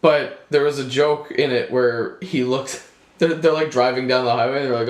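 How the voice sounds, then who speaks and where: A man's voice: medium pitch, steady tone, moderate pace, roomy sound. A young man co-hosting a podcast, telling a story in casual chat, rambling, laughing often and swearing. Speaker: podcast co-host.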